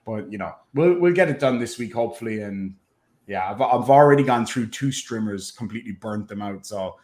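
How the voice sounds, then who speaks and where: A man with an Irish accent worn down by years away, chatting casually as a podcast co-host and telling lively stories. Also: lowish voice, fairly quick. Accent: Irish, softened by living in America. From Ireland. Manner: chatty storyteller, animated, slipping into impressions. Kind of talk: casual chat.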